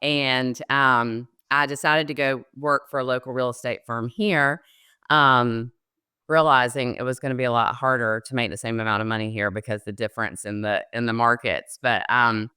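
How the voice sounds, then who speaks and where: A woman's voice: extremely low pitch, steady tone, normal speed, pushed and bright, clean tone, dry recording, clean studio sound. A middle-aged woman with a Southern American accent, telling her career story as an interview guest with plenty of ums. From Southern United States. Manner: chatty storyteller, frequent ums, laughs easily. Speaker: guest, loan officer. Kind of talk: conversational interview.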